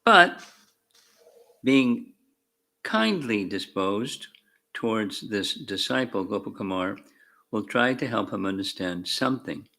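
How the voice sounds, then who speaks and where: Slow, measured male scripture reader. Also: lowish voice, lively intonation, sharp tone. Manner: slow, measured reading with fervent emphasis on key words. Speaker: spiritual teacher. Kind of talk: scripture reading with commentary. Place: temple class room.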